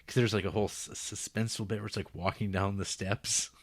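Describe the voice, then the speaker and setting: A man co-hosting a film podcast, casually recapping a movie's plot and slipping into quick quoted voices for the characters. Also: fairly low pitch, steady tone, no echo. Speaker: podcast co-host. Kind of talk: casual film review chat.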